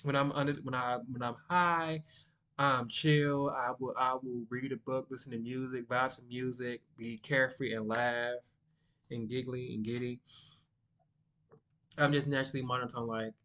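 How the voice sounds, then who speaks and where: A young man, chatting casually and rambling to the camera, by his own account monotone. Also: medium pitch, moderate pace. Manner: rambling, sidetracked, self-described monotone. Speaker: vlogger.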